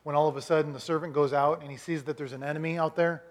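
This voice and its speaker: A man's voice: fairly high pitch, fairly even intonation, quick pace. A man preaching a sermon, telling stories with emphatic delivery and rhetorical questions. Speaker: pastor.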